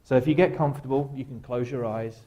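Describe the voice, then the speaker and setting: Man, mellow dark voice, guest speaker, guided reflection in a church. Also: medium pitch, fairly even intonation, lo-fi sound. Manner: slow, gentle guided-exercise delivery with wry humor. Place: church sanctuary.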